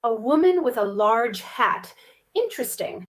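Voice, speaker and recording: In an unhurried, expressive voice pitched a little high, a woman co-hosts a lesson for English learners. Eager and curious, she asks plenty of questions about the story.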